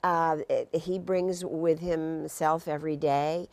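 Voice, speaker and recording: An older woman with a somewhat low voice tells theater stories in a studio talk show. She laughs through her tales and talks with bright, animated energy. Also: takes it slowly, vocal fry. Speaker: actress guest. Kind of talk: talk-show anecdote telling.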